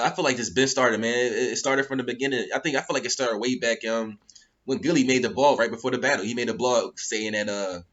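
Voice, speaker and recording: A man's voice: on the high side, sharp tone, muffled recording. A man giving heated, casual commentary on battle rap, repeating himself and often asking if you follow. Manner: heated and repetitive, often asking "you know what I'm saying".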